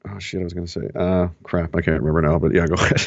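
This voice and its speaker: A man's voice: sits low, level tone, racing, gravelly, no echo. A man talking casually and sarcastically about politics, swearing and laughing along the way. The sound is dry and a bit dull, like a web call.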